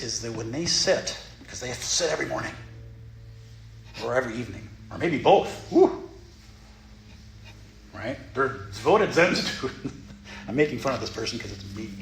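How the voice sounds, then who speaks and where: Zen teacher, male, lively pitch swings, playful; echoey hall with faint ambience. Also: normal speed, slight background noise. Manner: animated, playful, self-mocking. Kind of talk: dharma talk. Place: meditation hall of a Zen center.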